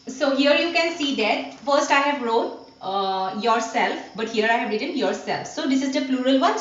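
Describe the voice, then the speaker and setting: A woman teacher, her high voice slow and deliberate as she teaches. She keeps prompting her class with "what?" and repeats each point. The recording sounds dull and echoey, with the mic some way off. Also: a bit bright. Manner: slow, repetitive teaching with rhetorical "what?" questions. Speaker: school teacher. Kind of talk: online class lesson. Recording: dull, roomy recording from a distance.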